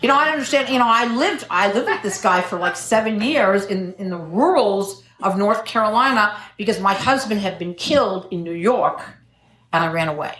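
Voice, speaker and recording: A woman's voice: mid-range voice, expressive, normal speed, fairly bright tone. A middle-aged woman telling her recovery story at a meeting, wry and self-mocking, joking as she goes. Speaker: AA speaker. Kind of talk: personal recovery talk at a meeting. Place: meeting room. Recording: echoey meeting room.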